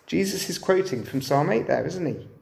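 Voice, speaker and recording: A man's voice: a little high, lively intonation, normal speed, gravelly, darkish tone, roomy sound. A man preaching a sermon, often turning to the listeners with rhetorical questions.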